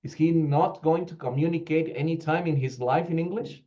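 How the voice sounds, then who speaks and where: A man from Peru leads an online teacher training session, firing rhetorical questions at his audience. His voice is mellow and low in brightness. The call audio sounds slightly dull and lo-fi. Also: normal speed. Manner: animated, rhetorical questions, acts out quoted teachers. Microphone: video call.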